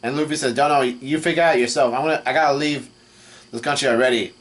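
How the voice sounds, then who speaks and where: A man casually recapping a comic chapter as he reads, stumbling over names and restarting lines often. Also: mid-range voice. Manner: halting, full of restarts and fillers, reads quoted lines flatly. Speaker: manga reaction vlogger. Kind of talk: casual recap while reading.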